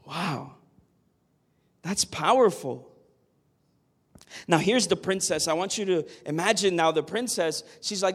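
A man's voice: high-pitched, a little slow, long pauses, slightly rough. A man preaching a sermon, earnest and emphatic, often asking the listeners "Amen?". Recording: long hall reverb.

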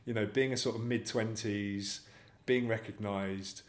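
A man's voice: lowish voice, fairly even intonation, measured pace. A man speaking as an actor guest in a casual interview, telling rambling, self-deprecating anecdotes. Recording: echoey room.

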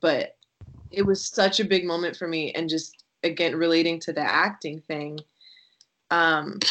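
A woman guest on a podcast, talking in a gentle, thoughtful way and often pausing to find her words. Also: mid-range voice. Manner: gentle and thoughtful, with frequent hesitations. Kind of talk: reflective podcast conversation.

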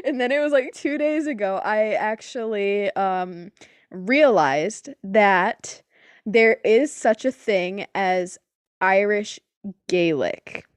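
A young woman co-hosting a podcast in casual chat, animated, swearing and laughing often. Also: mid-range voice, slow pace, clean tone, no room sound, studio quality. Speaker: podcast co-host.

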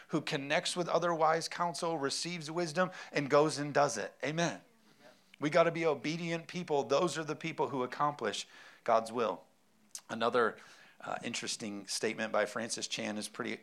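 A man's voice: mid-range voice, a bit bright. A man preaching a sermon, emphatic, with rhetorical questions and frequent amens. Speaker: pastor.

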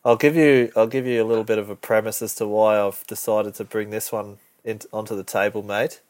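Male co-host, young, slangy and crude, low-pitched, dry studio sound. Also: little pitch movement, brisk, darkish tone, no echo. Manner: crude, laid-back storytelling with slang. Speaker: podcast co-host. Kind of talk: casual banter.

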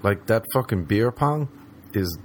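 Speaking unhurriedly in a fairly low voice, this man from Ireland has an Irish accent, and there's slight background noise. His funny, relaxed story is packed with swearing and lively impressions of the characters' voices.

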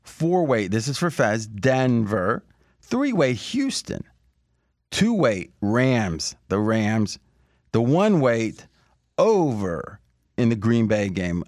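A man hosting a casual sports-betting podcast, rambling in animated asides. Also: medium pitch, slow, no room sound, studio quality. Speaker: podcast host.

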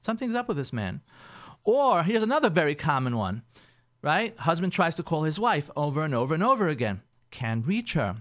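Animated man giving radio marriage advice. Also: fairly high pitch, a little fast. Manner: animated, repeats himself, acts out quoted spouses. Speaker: rabbi and marriage counselor hosting a radio show.

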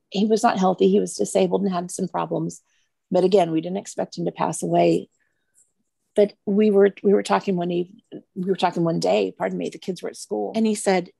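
Woman, middle-aged, gravelly low voice, dark tone, dry close sound, earnest storytelling. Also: no room sound. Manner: earnest, emotional, pauses and restarts. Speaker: guest. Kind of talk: personal storytelling.

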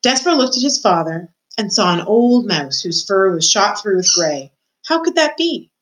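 Student reader, woman, steady storybook narration, mid-range voice. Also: mid-range voice, normal speed, rough recording. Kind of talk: reading a novel aloud.

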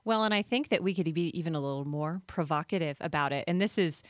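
A woman's voice: sits low, fast, no room sound. Conversational woman in a dry studio. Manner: thoughtful, conversational storytelling. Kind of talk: faith podcast conversation.

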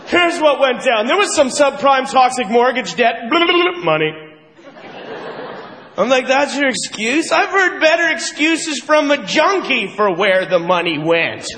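A male stand-up comedian performing live, ranting animatedly with shouted bursts. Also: very high-pitched, very animated, a little slow, a little hiss or hum. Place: large hall stage with live audience. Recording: live hall with audience and ambience.

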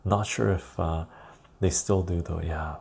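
A man's voice: low voice, steady tone, unhurried, creaky, a little mellow, breathy edge. A man hosting a casual live stream, rambling as he reads viewer comments aloud and answers them. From Canada.

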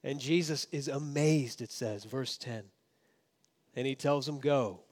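A man preaching a sermon as pastor, swinging between emphatic raised passages and hushed, low asides. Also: a little slow.

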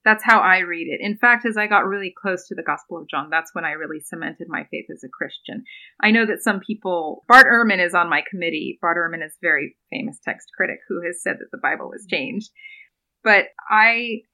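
A woman's voice: fairly low pitch, brisk, bright, forceful tone, poor audio. A young woman, a doctoral student, talking earnestly in a podcast interview and retelling a scripture story, with frequent ums and small laughs. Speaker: podcast guest, doctoral student in biblical studies.

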